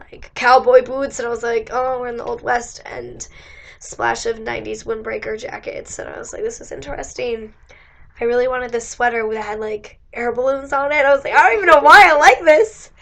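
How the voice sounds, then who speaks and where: High, giggly young woman losing her voice. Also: creaky, a bit bright. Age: young adult. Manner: chatty, giggly, many likes and acted-out quotes. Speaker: college student vlogger. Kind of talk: casual storytelling chat. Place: indoors.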